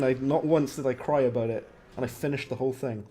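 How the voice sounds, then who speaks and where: A man's voice: medium pitch, steady tone, fast, warm tone. A young man chatting casually on a stream, reading chat and reacting with a rambling, laughing manner. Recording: faint music behind. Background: faint music.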